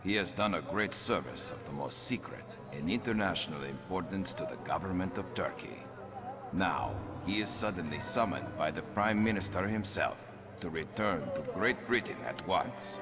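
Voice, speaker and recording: An imperious director of a train company who speaks in a very deep, low voice. He issues his orders in a formal, commanding manner. Game music plays clearly behind him. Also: lively intonation, normal speed. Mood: formal, stern.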